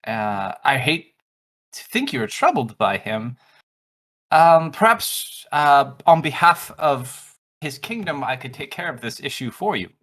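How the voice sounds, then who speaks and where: A game master voicing a secretive, smooth-talking male envoy of a royal family in soft, hesitant, coaxing speech. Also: mid-range voice, very animated, measured pace. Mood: confiding. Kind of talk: in-character tabletop role-play.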